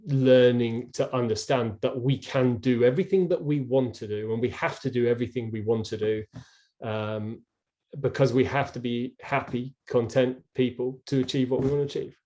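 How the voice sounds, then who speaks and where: Earnest reflective man, mellow voice. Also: mid-range voice, fairly even intonation, normal speed. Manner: earnest, reflective, many restarts. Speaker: guest, former rower. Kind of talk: storytelling in an interview. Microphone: video call.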